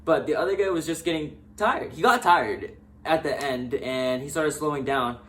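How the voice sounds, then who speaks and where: A young man casually recapping MMA fights, excitable and talking straight to the fighters. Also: a little high, normal speed. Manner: excitable, talks directly to fighters. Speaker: MMA fan vlogger.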